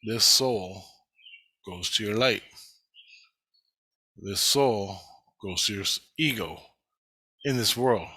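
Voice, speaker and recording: Bright-voiced man, profane rambling monologue. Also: on the low side, takes it slowly, pauses often, husky, no room sound. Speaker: vlogger.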